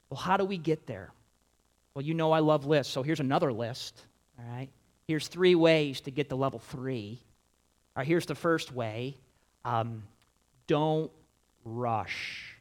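Man, middle-aged pastor, conversational sermon, emphatic delivery, mid-pitched voice. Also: takes it slowly, long pauses. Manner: emphatic, conversational preaching with lively quoted asides.

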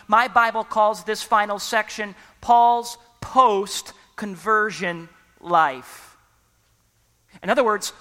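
A preacher giving an emphatic sermon who often pauses for the congregation to fill in a word and keeps urging people to listen. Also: mid-range voice, a bit bright, long reverb tail. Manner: repeatedly urges listeners to listen.

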